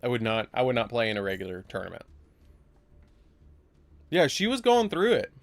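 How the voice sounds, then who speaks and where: A man's voice: mid-range voice, huge pitch swings, moderate pace, dry recording. A man hosting a live game stream, telling a story casually and acting out both sides of the argument. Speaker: livestream host.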